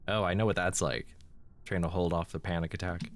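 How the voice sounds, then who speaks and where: A man's voice: low voice, fairly even intonation, a little fast. A man with congested sinuses commenting on a horror game, joking in a dry, sardonic way. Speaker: let's play host.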